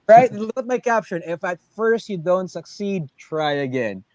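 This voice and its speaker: A man who is a pro wrestler, co-hosting a casual livestream chat over a video call, excitable and animated. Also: high-pitched, moderate pace, no echo. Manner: excitable, animated, jumps between loud and soft.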